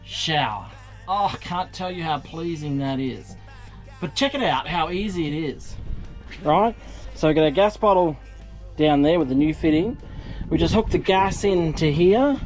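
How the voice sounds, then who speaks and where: Man, casual boat vlog, self-mocking, fillers, slightly high pitch, background music. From Australia. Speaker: fishing vlogger. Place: small boat on open water, outdoors.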